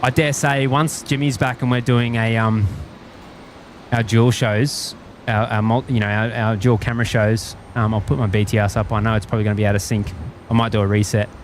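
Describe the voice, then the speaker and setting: Speaking a little fast with flat delivery, this lowish-voiced Australian live streamer greets his viewers from an outdoor plane-spotting area by an airport. He's easygoing and rambling, chuckling often, and there's slight background noise.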